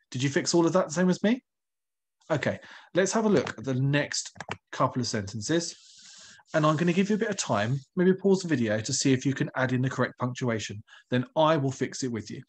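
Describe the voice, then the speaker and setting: Speaking in a husky, mid-range voice, a man teaches a recorded online primary school lesson. He encourages the pupils patiently and puts questions to them.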